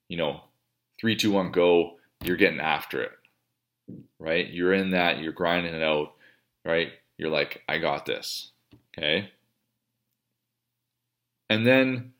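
A man's voice: low voice, a bit bright. A man coaching and explaining training states in a casual, conversational way, swearing freely and acting out an athlete's inner thoughts.

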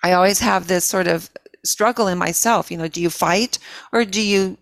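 Older woman guest, lowish voice, dry close mic, earnest and halting with frequent restarts. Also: dry recording. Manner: halting, many restarts and repeated words. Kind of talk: reflective interview conversation.

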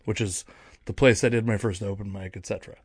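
A man's voice: on the low side, fairly even intonation, quick pace, slightly rough, dry recording, clean studio sound. A young man, a stand-up comedian, telling road stories in a rambling, self-mocking monologue with many restarts. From Seattle area. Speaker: stand-up comedian, podcast host. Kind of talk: casual monologue.

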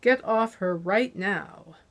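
Casting: woman playing a cold, measured male interrogator in a storybook thriller, firm and commanding, mid-pitched. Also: lively intonation.

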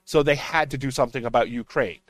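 A man's voice: medium pitch, fairly even intonation, fast, no room sound. A man on a political podcast panel, ranting emphatically and swearing as he argues. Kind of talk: heated political roundtable talk.

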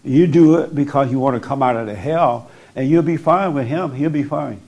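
A man with a mid-range, slightly mellow voice and some vocal fry talks into a microphone at a moderate pace. He's giving blunt spiritual counsel to the person in front of him, repeating his points insistently to drive them home.

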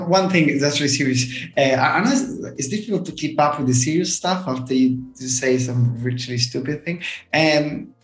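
A man co-hosting a podcast who jokes around and asks questions in a halting way. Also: on the high side, a bit bright. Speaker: podcast co-host. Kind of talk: casual interview chat. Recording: roomy echo.

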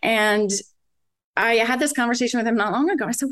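A woman's voice: fairly high pitch, a little fast, a bit bright. A woman in her forties, a mother talking earnestly in casual conversation, rambling with restarts and many fillers. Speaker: podcast guest, mother.

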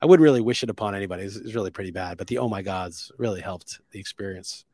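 A man's voice: fairly low pitch, very fast, dark tone, no room sound. A man hosting a solo podcast, talking in an opinionated, sarcastic, rambling way with many restarts. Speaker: podcast host.

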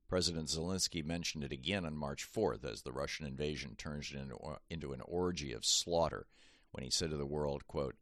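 Male commentator, extremely low voice, reads his essay aloud with emphasis, dry booth sound. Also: a bit bright, no echo. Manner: measured, emphatic reading with pointed asides. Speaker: commentator reading his own article. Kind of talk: read-aloud political essay.

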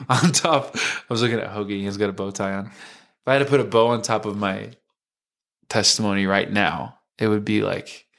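A man in his twenties, a worship leader, giving a reflective, earnest personal testimony in a conversation, halting now and then with fillers. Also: on the low side, a bit bright. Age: 20s. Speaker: worship leader, podcast guest.

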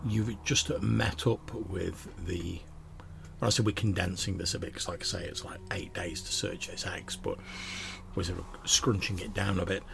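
A man's voice: deep voice, steady tone, normal speed, gravelly, background noise. A man narrating as game master of a tabletop game, descriptive and loose, with frequent fillers.

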